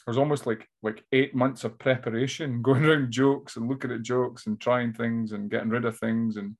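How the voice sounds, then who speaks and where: A man with an Aberdonian Scottish accent, a stand-up comedian telling animated stories as an interview guest. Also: mid-range voice, moderate pace. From Scotland. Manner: animated storyteller who slips into voices. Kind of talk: casual interview chat.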